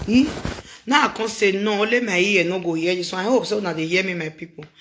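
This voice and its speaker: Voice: medium pitch, quick pace, a bit bright, a little hiss or hum. Nigerian accent, casual reaction commentary, exclamatory, repetitive phrasing, echoey room. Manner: exclamatory, repeats phrases, mixes Pidgin and Yoruba. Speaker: social media commentator.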